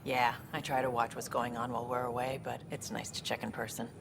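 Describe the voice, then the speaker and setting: A woman's voice: rumbling low, level tone, a little fast, gravelly, noisy background. An actress playing a tired, matter-of-fact female station worker in a video game.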